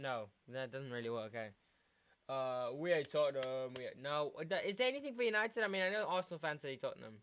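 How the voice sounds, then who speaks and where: Young man, from south africa, football watchalong streamer, smooth clear voice, slightly high pitch, excitable, tired. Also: a little fast. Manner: excitable fan, shouting at big moments, chanting. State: tired, yawning. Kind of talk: live football watchalong commentary.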